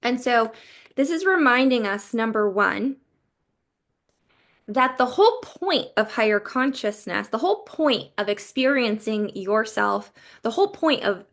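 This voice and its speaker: A woman giving a casual spiritual card reading. She talks in a chatty, meandering way, often says "like" and pauses to collect her thoughts. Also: on the high side, expressive, a bit bright. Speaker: intuitive card reader.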